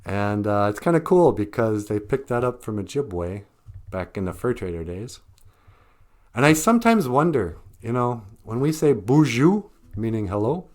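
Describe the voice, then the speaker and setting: A man's voice: on the low side, big pitch swings, moderate pace, darkish tone. A man hosting a language show, talking casually to viewers with frequent laughs and joking asides. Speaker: host of an Ojibwe language show. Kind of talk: casual talk to camera.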